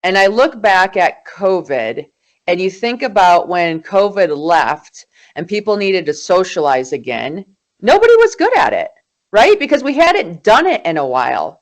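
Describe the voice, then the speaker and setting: A woman in her forties speaks as an interview guest. Her voice climbs and falls a lot as she tells her story with emphatic energy. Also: mid-range voice. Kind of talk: conversational interview.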